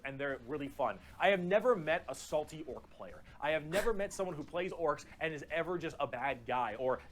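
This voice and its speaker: This is a man with a somewhat high voice, explaining something in a casual, goofy way. He gets carried away with enthusiasm and swears without thinking about it. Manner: excitable, swears freely, jokey. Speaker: explainer of a video being reacted to. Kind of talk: casual lore explainer commentary.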